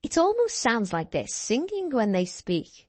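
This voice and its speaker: Bright-toned woman, lively melody, playful casual chat. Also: a little high, a little slow. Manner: playful, enthusiastic. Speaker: podcast co-host, quiz contestant.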